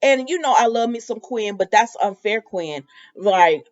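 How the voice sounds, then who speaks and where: A young woman hosting a casual soap opera recap, animated and opinionated as she talks straight to her viewers. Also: fairly high pitch, a little slow. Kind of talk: casual chatty episode recap. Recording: dull lo-fi home video audio.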